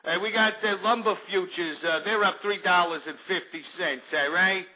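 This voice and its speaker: A man's voice: high voice, moderate pace, close to an everyday voice. A man putting on a New Jersey accent to play a boastful, crude Jersey Shore tough guy who ends lines with "eh?". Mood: cocky. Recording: tinny phone-like line.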